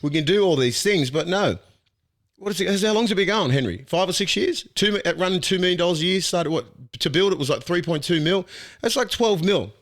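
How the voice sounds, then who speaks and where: A man with an Australian accent, a podcast host and former rugby league player, talking sport in a blunt, animated way and swearing freely. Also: high voice, brisk. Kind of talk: casual sports chat.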